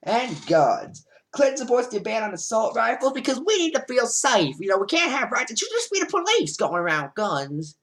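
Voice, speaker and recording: Sarcastic woman with a lively voice. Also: on the high side, normal speed. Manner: sarcastic, rambling asides. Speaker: commentator. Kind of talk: casual political commentary.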